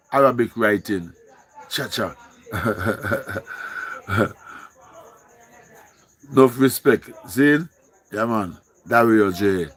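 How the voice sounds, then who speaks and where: A man's voice: mid-range voice, a bit bright. A man with a Jamaican accent hosting a casual live stream, pleading and repeating himself in singsong calls.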